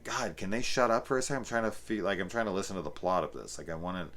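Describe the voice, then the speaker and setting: A man's voice: deep voice, fast talker, fairly bright tone. A man imitating an annoyed movie viewer who complains in a whiny, irritated way.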